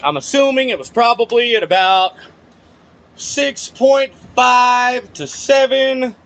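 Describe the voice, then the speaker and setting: A man's voice: very high-pitched, slow pace, a bit bright. A man hosting a plant-growing channel, thinking aloud and cursing at himself as he mixes nutrients in a grow room, in a casual talk-along style. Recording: dull lo-fi with faint background noise.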